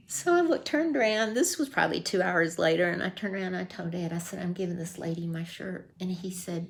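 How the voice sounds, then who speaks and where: A woman's voice: on the low side, normal speed, vocal fry, pauses often. An older woman telling a folksy true story in a casual vlog, acting out the voices she quotes. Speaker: vlogger.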